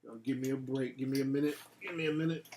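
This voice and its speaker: A man's voice: medium pitch, fairly even intonation, fast talker, background noise. A man hosting his own show, talking straight to his audience in an emphatic, profane commentary monologue. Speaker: show host. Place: home room with a fan.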